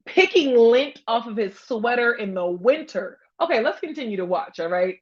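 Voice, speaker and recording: High-pitched lady laughing through a basketball fight clip, voice all over the place, dull lo-fi audio. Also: normal speed, hardly any pauses. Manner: animated and laughing, acts out players' lines. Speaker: host. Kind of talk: casual sports commentary over game footage. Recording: dull lo-fi sound.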